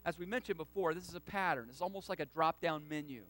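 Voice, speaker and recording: High-voiced man preaching emphatically. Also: fast talker, rough recording. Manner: emphatic preaching, rising to loud stresses; asks the congregation to repeat lines. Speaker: pastor. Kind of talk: sermon.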